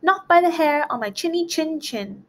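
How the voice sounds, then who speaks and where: A woman's voice: mid-range voice, lively intonation, a little slow. A woman voicing a brave little male gingerbread cookie in a storybook read-aloud, bold and cheery. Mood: defiant.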